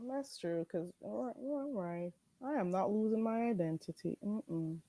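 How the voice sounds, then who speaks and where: A woman with a Caribbean accent hosting a casual livestream chat, emphatic and animated, often laughing as she talks. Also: medium pitch, measured pace, dry recording. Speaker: livestream host.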